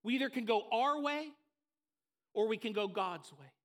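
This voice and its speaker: A man preaching a sermon, telling a story with emphatic, repeated phrases and dropping soft at the low moments. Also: lively intonation, normal speed. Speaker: pastor.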